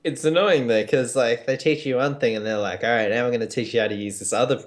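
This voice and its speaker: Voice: mid-range voice, quick pace. A podcast co-host talking casually in a group chat, laid-back and rambling with mock exasperation.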